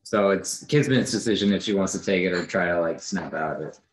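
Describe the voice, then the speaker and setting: Deep-voiced man running a tabletop game. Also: brisk. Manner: relaxed, casual, with many fillers. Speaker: game master. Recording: roomy echo.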